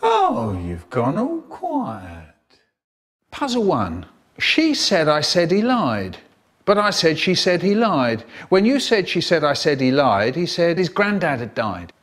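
A man's voice: fairly high pitch, wildly swooping pitch, takes it slowly, a bit bright. A man telling playful children's stories in a comedic spliced edit, acting out characters in different voices. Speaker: storyteller.

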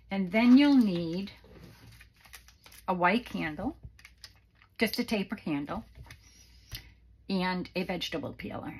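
A woman's voice: on the low side, a little hiss or hum, rough recording. A woman hosting a casual craft tutorial from her home craft room, chatty and rambling with many fillers, a little out of breath. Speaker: craft channel host.

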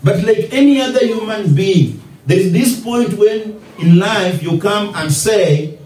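A man's voice: high voice, animated, measured pace, a little mellow. A man with a Kenyan accent, a pastor preaching from scripture with repeated, emphatic phrases. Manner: preaching with repetition and rising emphasis. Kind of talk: expository sermon reading scripture. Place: church hall. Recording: echoey church hall, distant mic.

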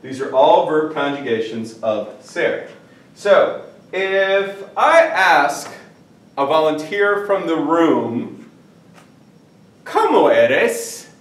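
Male teacher, animated, joking, heard from a distance in a roomy classroom. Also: fairly high pitch. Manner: lively, jokey, stretches out Spanish words slowly. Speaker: Spanish teacher. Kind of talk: classroom vocabulary lesson. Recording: echoey room, mic at a distance.

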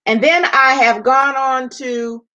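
A woman from Maryland presents her artwork on a livestream in an explanatory, unhurried manner. Her voice is bright and fairly high. She speaks slowly and takes her time with each detail. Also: steady tone, highs cut off. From Maryland, USA. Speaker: visual artist presenting her prints.

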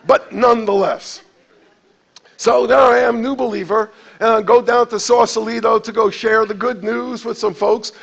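Guy preaching a sermon, high-pitched husky voice, kinda dull lo-fi sound. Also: moderate pace. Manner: animated, acts out quotes with jumps in pitch and volume. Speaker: pastor.

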